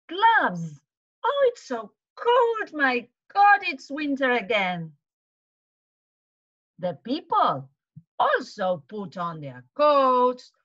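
A woman teaching to children, retelling a storybook in an animated way, with gasps and questions to the kids. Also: on the high side, lo-fi sound.

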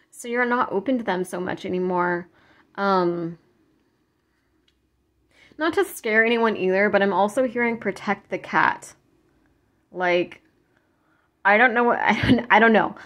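A woman's voice: mid-range voice, a bit bright. A woman giving a casual psychic tarot reading, talking in a rambling, earnest way with many restarts and fillers, and openly moved as she speaks. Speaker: tarot reader.

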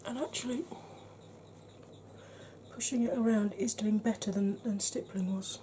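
Frank, chatty woman reviewing makeup, mellow voice. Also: mid-range voice, fairly even intonation, normal speed, slight background noise. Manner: chatty and frank, dry jokes, drops to a half-whisper while blending. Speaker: beauty vlogger. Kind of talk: casual makeup review to camera.

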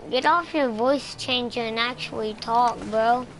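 A woman's voice: fairly high pitch, a little slow, rough recording. A woman playing an online game, teasing and trash-talking other players and repeating lines in a sing-song. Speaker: gamer.

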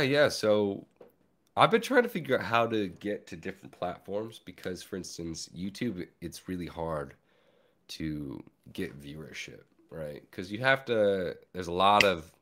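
A young man with a deep bass voice hosting a podcast, chatting in a laid-back, joking way and often trailing off mid-sentence. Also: expressive, a little slow, a bit bright. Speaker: podcast host. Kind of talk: casual chat.

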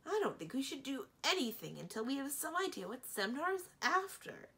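A woman's voice: sits high, big pitch swings, brisk, pushed and bright, pitched above the performer's own voice, heavily acted. A woman doing a prim, thoughtful female dragon.

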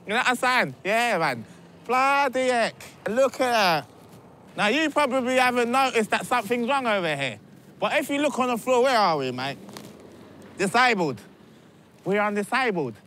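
An actor playing a swaggering, self-important parking enforcer, chatty and mocking. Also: male voice, extremely high pitch, sing-song, moderate pace, pushed and bright, slight background noise, exaggerated voice. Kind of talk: mockumentary comedy acting.

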